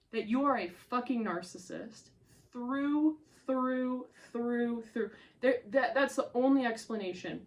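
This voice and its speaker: Furious woman ranting, slow and strained. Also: fairly high pitch. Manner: furious, swearing, addressing someone directly. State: upset, voice strained. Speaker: content creator. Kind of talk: angry rant to camera.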